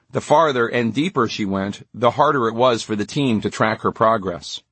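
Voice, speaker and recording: A man reading a novel aloud in a steady, measured storytelling manner. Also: medium pitch, husky, no echo. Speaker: audiobook narrator. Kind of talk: scripted narration.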